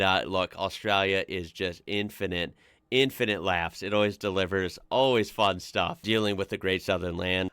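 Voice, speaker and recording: A man's voice: on the low side, fairly bright tone, clean tone, no room sound. Chatty American man, dry close sound. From United States. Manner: chatty, laughs often, frequent "like" fillers. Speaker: reaction channel host. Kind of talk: casual reaction commentary.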